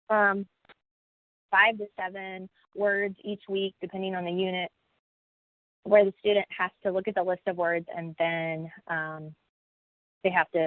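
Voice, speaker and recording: A woman's voice: fairly low pitch, no room sound. A woman who teaches college classes in the United States, speaking on a webinar panel in a folksy, conversational way with many fillers and restarts, heard over a video call. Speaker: college instructor. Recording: tinny phone-like, dry audio.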